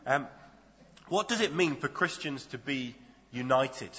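A man's voice: mid-range voice, expressive, measured pace, sharp tone. A man preaching a sermon in a conversational, storytelling way. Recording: dull lo-fi sound in a reverberant hall.

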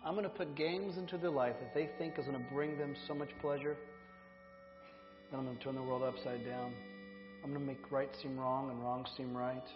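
An actor playing a sly male devil in a skit, smug and taunting, drawling in a low voice, on a dull echoey hall recording with music. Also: fairly even intonation, brisk, close to an everyday voice. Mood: smug, menacing. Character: sly male devil trading in caged souls.

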